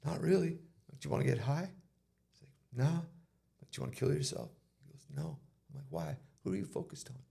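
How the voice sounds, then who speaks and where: Gravelly dark-voiced man telling a story. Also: fairly high pitch, lively intonation, a little fast, long pauses. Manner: retells conversations in casual quoted speech. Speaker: interview guest. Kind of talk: storytelling in a podcast interview.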